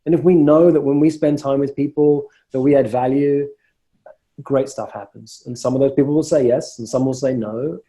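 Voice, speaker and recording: Emphatic male coach with a very bright voice. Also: medium pitch, fairly even intonation, moderate pace. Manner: emphatic, repeats words when starting phrases. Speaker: coach and host. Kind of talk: live coaching call.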